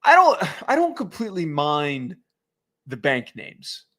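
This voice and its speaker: A man's voice: a little high, huge pitch swings, measured pace, fairly bright tone. Wry man in casual sports chat. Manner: wry, looks things up, sarcastic asides. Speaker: podcast co-host.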